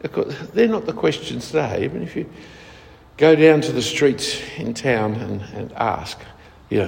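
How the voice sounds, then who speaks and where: A man's voice: mid-range voice, expressive, moderate pace, vocal fry, darkish tone. A man preaching a sermon in a conversational way, often asking rhetorical tag questions. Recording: long hall reverb.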